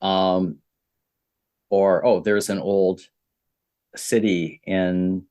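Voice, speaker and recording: A Canadian man teaching beginner English, repeating simple phrases with many pauses. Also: low-pitched, little pitch movement, a little mellow. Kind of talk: slow, simple explaining for beginner learners.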